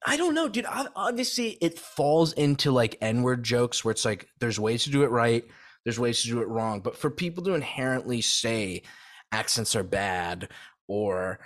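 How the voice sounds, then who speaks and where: A man's voice: medium pitch, very animated, moderate pace, fairly bright tone. Slangy young male podcast co-host. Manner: laid-back, slangy, rambling. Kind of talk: casual podcast chat.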